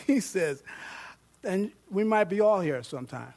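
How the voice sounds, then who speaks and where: A man preaching a sermon, reading scripture aloud with growing excitement, joking with and questioning his congregation. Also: sits high, a little slow, pauses often. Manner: animated, rising to loud fervent reading; jokes with the congregation and asks them questions.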